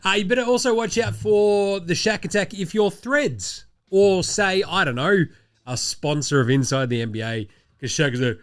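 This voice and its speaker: A man with an Australian accent hosting a casual sports chat from a studio, nasal from a head cold, animated and swearing. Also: sits high, moderate pace. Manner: animated, swearing, mocking put-on voices. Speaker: podcast host. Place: home studio.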